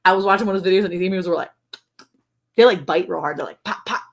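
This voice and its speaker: A woman's voice: fairly low pitch, rapid-fire. Chatty woman on a ranch livestream. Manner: chatty, laughs often, mimics people in quoted voices. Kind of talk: casual livestream chat. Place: home on a farm.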